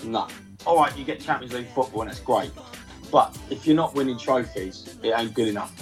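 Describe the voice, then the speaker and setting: A man's voice: medium pitch, lively intonation, a little fast, faint music behind, poor audio. A man, telling a football fan story casually and acting out his friends' lines. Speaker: celebrity football fan guest. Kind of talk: casual anecdote.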